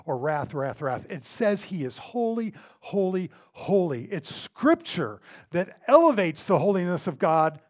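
A pastor preaching a sermon who stresses points by repeating words and swings between loud bursts and hushed asides. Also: male voice, high voice, very animated, measured pace, hardly any pauses.

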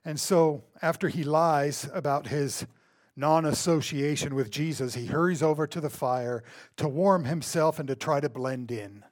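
Speaking at a normal speed in a fairly high male voice, a pastor gives a sermon marked by repeated words for emphasis. His volume moves between loud bursts and soft, hushed asides.

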